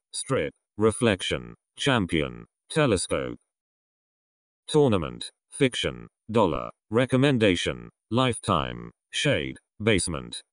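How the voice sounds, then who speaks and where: A man slowly reading an English vocabulary list aloud, one word at a time with pauses. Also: deep voice, no room sound, clean studio sound. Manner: slow, measured reading of single words with pauses.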